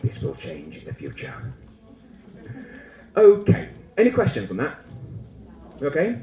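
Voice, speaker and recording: A man giving a lively, humorous conference talk to teachers, acting out little classroom scenes as he goes. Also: a little high, a little slow. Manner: animated, humorous, acts out student and teacher voices. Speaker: conference speaker. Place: lecture hall. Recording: echoey lecture hall.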